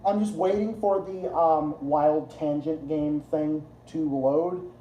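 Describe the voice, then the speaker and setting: A man's voice: fairly high pitch, fairly even intonation, takes it slowly, highs cut off. A man hosting a casual livestream, rambling and swearing, often laughing at his own jokes. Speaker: livestream host. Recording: roomy echo.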